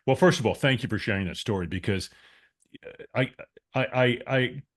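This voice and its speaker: A man's voice: medium pitch, normal speed. A man hosting an interview podcast, talking casually and repeating words as he gathers his thoughts. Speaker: podcast host.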